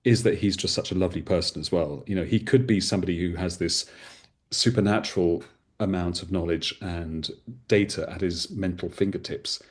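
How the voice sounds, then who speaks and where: A man with a very low voice talks in a relaxed conversation. He tells long, enthusiastic stories and drifts into playful asides. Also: fairly quick. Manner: expansive, enthusiastic storyteller. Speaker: podcast host as guest. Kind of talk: casual conversation.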